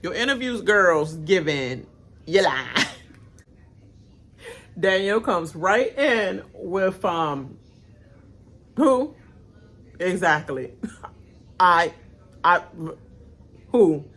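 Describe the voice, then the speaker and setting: Chatty woman reacting with lively swings. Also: very slow, pauses often. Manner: chatty, laughs often, acts out cast members' lines in high squealing voices. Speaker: reaction channel host. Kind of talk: casual live-watch reaction commentary.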